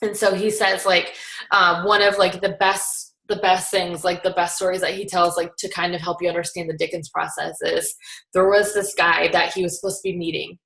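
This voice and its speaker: A woman's voice: on the low side, little pitch movement, normal speed, creaky, fairly bright tone. A young woman telling a story in a casual chatty way, full of filler words. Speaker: guest recapping a seminar. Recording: roomy echo.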